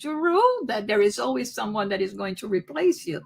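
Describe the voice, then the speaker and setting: A woman co-hosting a spirituality discussion, speaking with animated enthusiasm and frequent restarts. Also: medium pitch, moderate pace, vocal fry, husky. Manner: animated, laughing often, many restarts. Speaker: podcast co-host.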